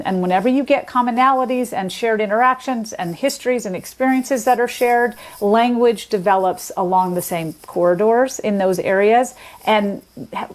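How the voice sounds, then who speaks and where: A woman talking through ideas in a steady, explanatory way, like a lecturer in conversation. She lays out her points in order and spells out words and examples with care. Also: mid-range voice. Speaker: linguist guest.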